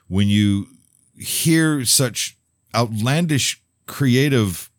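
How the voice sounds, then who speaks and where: Low-voiced man rambling on air. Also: no room sound, studio quality. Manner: rambling, with many restarts and asides; blunt and opinionated. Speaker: radio host. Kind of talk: casual monologue.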